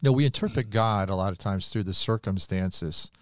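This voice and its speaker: Earnest deep-voiced pastor telling his story. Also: fairly quick, dry recording, studio quality. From United States. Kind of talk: conversational faith talk.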